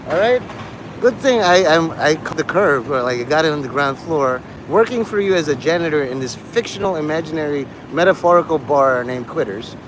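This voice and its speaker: A man's voice: a little high, lively intonation, brisk. A man hosting a live stream, talking in a rambling, profane monologue that jumps between topics. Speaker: livestream host. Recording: live stream with loud street noise.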